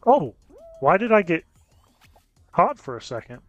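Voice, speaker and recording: A man giving casual gameplay commentary as a gaming YouTuber, chatting with viewers and reacting out loud to close calls. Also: sits high, sing-song, measured pace, dry recording, dull audio, soft background music. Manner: chatty, reacts loudly to near misses.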